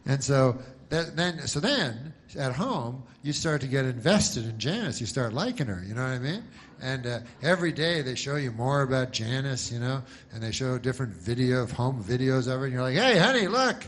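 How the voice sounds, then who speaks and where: A man doing stand-up comedy, telling a long story in a deadpan, rambling way. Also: medium pitch, moderate pace, a little hiss or hum.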